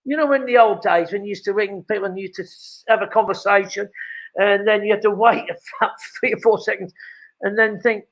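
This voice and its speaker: A man's voice: high voice, fairly even intonation, fairly quick, a bit bright, rough recording. An older man, hosting a live show from his home and chatting at length, rambling with many fillers and restarts. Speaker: host. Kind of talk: casual live chat from home.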